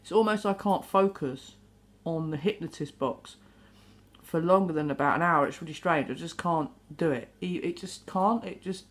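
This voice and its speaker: A woman talking to camera in a rambling, animated monologue, swearing now and then. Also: lowish voice, moderate pace. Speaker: vlogger.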